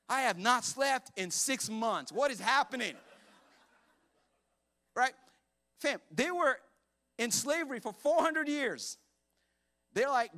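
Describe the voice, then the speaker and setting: A man preaching a sermon as pastor to a church congregation, animated and jokey, acting out voices as he tells the story. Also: very high-pitched, takes it slowly, long pauses.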